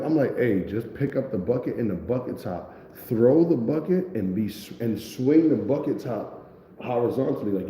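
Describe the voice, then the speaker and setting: Animated man telling a story, echoey room. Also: mid-range voice. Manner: animated, profane street slang, acts out quotes. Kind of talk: casual storytelling to camera. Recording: echoey room with long reverb.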